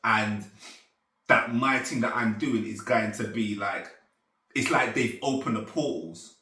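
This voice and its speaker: A man tells a story in an excitable, animated way, laughing as he goes. His voice is bright and forceful. He sounds roomy and a little far from the mic. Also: fairly low pitch, a little slow. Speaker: storyteller guest. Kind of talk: casual storytelling chat. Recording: echoey room, distant mic.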